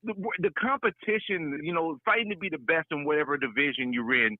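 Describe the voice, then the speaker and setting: A man's voice: fairly high pitch, fairly quick. A man calling into a boxing talk show, chatting in a laid-back, easygoing way. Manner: laid-back, chatty, calls host "Coach". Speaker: caller. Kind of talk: casual call-in boxing talk. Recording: tinny phone line.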